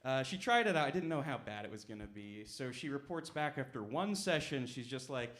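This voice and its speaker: A young man performing a stand-up set at a comedy club, with deadpan, self-mocking asides. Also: medium pitch, a little fast, few pauses. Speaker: stand-up comic.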